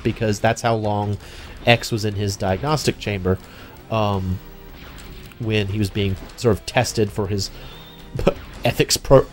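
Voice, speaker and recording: Chatty young man narrating gameplay. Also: mid-range voice. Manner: chatty, excitable, many restarts and fillers. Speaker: let's play host. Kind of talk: casual gameplay commentary.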